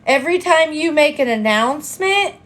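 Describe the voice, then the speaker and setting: Coaching an online audience on a live stream, a woman speaks directly to viewers, tossing out rhetorical questions and repeating herself often. Her high-pitched voice is expressive and fairly bright, at a normal speed.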